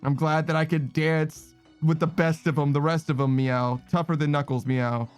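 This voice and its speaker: A man's voice: steady tone, normal speed, smooth, soft background music. A man streaming a video game, chatting casually, swearing often, reading chat aloud and tacking meow onto his sentences. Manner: frustrated outbursts in a raised, higher voice. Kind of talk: casual gaming stream commentary.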